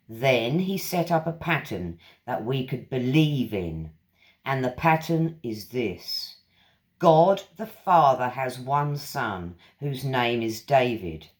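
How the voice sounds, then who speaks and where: A woman's voice: extremely low pitch, lively intonation, takes it slowly. A woman hosting a channel, reading lecture passages aloud and stopping to reflect on them. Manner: reflective, stops to comment between quoted passages.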